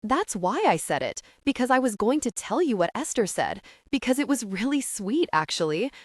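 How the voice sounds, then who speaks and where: A woman voicing a hurt but composed teenage girl who speaks in a measured, gently reproachful way, in an audiobook. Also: a little high, very animated, no room sound, studio quality. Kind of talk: audiobook character reading.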